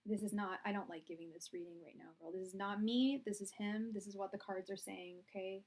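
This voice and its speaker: A woman's voice: mid-range voice, steady tone, a little fast, darkish tone. Young woman doing a tarot reading on a live stream, blunt and chatty, talks right to ya. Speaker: tarot reader.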